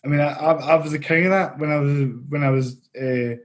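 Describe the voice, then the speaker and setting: Friendly Scottish host. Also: male voice, fairly high pitch, steady tone, brisk, highs cut off. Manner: friendly, encouraging interviewer. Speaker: podcast host. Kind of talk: casual interview chat.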